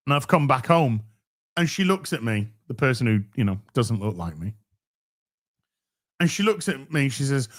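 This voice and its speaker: A man's voice: mid-range voice, sing-song, normal speed, pauses often. A British man telling a story in casual chat, sarcastic and swearing often, acting out both sides of an exchange. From Britain. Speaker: podcast host.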